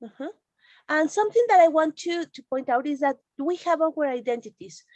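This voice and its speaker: Female host of an online teachers' meeting, higher pitch, dry close sound, explanatory. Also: expressive, moderate pace, darkish tone, dry recording. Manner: explanatory, reassuring. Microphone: video call.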